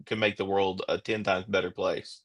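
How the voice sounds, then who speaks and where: A middle-aged man, a former police officer, speaking as a guest in a steady, plain-spoken, reflective way. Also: deep voice, normal speed. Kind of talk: casual interview chat.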